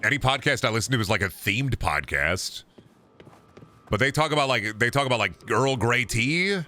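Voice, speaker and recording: Bright-voiced, profane male streamer. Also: medium pitch, animated, moderate pace. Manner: profane, ranting, riffs with chat. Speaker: streamer playing a video game. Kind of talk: casual gaming stream chatter.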